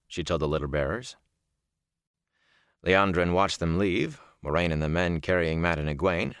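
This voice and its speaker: A male narrator reading fiction aloud with steady, expressive storytelling. His voice is deep, yet it moves with lively inflection. The recording is close and dry. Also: creaky, no echo. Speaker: audiobook narrator. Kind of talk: scripted narration.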